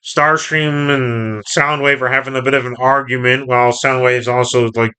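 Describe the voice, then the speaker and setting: A man's voice: medium pitch, fairly even intonation, normal speed, bright, forceful tone, clear, resonant tone. A man casually reading and reviewing a comic book, recapping the story in a rambling, self-correcting way.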